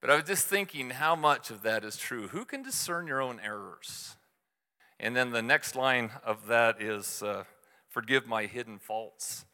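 A middle-aged man delivers a sermon in a relaxed, conversational storytelling way, poking fun at his own mistakes. His voice is bright and forceful. The recording carries the long reverb of a large hall. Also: mid-range voice, measured pace. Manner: conversational storytelling with self-deprecating humor. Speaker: church speaker.

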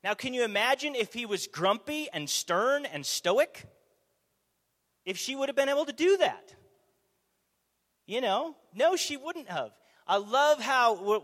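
A man preaching a conversational sermon, animated, asking the audience rhetorical questions, in a church or meeting hall. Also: sits high. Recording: long hall reverb.

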